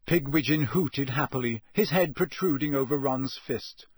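A man reading a storybook aloud as an audiobook narrator, in a steady, even storytelling manner. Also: medium pitch, moderate pace, husky, dry recording. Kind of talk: scripted narration.

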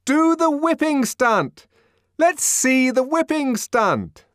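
A man voicing a mocking crowd of sightseers in an audiobook, chanting loud demands in rhythm. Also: very high-pitched, very animated, slow, no room sound, clean studio sound, voice pushed up, full character voice. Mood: jeering.

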